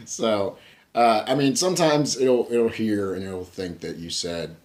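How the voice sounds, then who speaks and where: A man's voice: fairly low pitch, darkish tone. Rambling, chuckly man reviewing gadgets. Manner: rambling, chuckling, lots of fillers. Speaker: tech reviewer. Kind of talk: casual product review. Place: at home.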